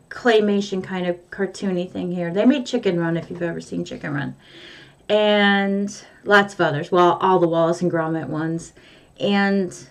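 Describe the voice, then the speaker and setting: An older woman with grown children and a grandson, telling a rambling story to her viewers in casual, chatty vlog talk. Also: fairly low pitch. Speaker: vlogger.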